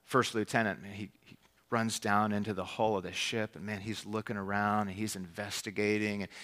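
A man's voice: fairly low pitch, level tone, fairly quick, a bit bright. A man preaching a sermon in a conversational, rambling way, full of restarts and rhetorical questions.

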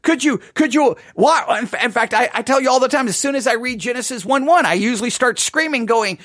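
A man preaching a sermon, impassioned, with frequent stammering restarts and sudden bursts of shouting. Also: very high-pitched, fast, dry recording, studio quality. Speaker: pastor.

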